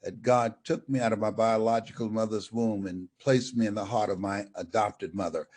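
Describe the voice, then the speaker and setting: A man's voice: on the low side, moderate pace. An older man, a motivational speaker, telling stories as an interview guest and acting out the dialogue. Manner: animated storyteller, acts out dialogue. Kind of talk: storytelling interview.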